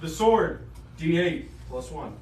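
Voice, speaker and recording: A man plays at a tabletop game, taking his time as he works through dice math. His voice sits high and swings a lot. He is heard from a distance in a roomy space. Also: lively intonation, darkish tone. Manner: slow, counting out dice math. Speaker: player. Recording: roomy, distant mic, faint hum.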